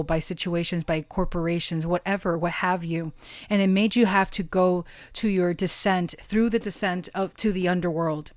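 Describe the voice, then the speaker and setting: Earnest low-voiced woman giving a tarot reading. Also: no room sound. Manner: slow, earnest and affirming, drawing out key words; gets emotional and laughs softly at times. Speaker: tarot card reader. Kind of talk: intimate pick-a-card tarot reading.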